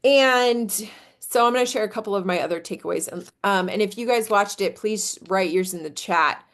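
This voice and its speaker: A woman's voice: normal speed, a bit bright. Chatty woman hosting a live stream. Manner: chatty, filler-heavy, jumps up high when demonstrating energy. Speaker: host of a live business coaching stream. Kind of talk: casual live-stream talk.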